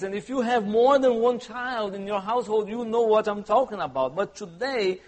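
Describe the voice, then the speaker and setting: A man preaching a sermon as pastor, conversational and humorous, often asking the congregation questions. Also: sits high. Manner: humorous asides.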